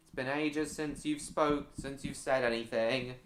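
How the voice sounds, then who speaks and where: A man's voice: medium pitch, steady tone, a little slow. A man hosting a casual gaming live stream, chatting playfully with his viewers. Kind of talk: casual chat while gaming.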